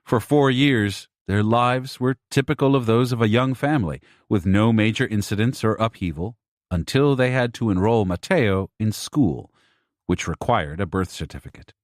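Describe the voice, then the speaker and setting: A man with a lowish voice reads an audiobook in a measured, even manner. The sound is dry and close, with no room at all. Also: dry recording. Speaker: audiobook narrator. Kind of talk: scripted narration.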